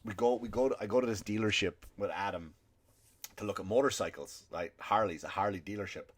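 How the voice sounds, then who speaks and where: Profane rambling male comedian, low voice. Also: fairly quick, husky. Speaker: comedian podcast host. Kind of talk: comedic storytelling rant.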